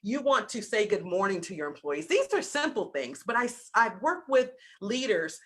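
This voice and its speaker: A woman with a Southern US accent giving an animated business talk over a video call, acting out little scenes in other voices. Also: medium pitch, normal speed. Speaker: business coach.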